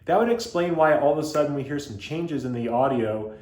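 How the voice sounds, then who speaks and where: A man's voice: on the high side, fairly quick, darkish tone. A man reviewing radio gear, giving an analytical, emphatic explanation as host. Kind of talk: explanatory commentary.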